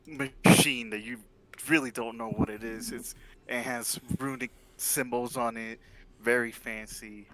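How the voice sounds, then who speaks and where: A man playing a tabletop role-playing game, animated and laughing often as he describes and voices his character. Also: mid-range voice. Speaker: player.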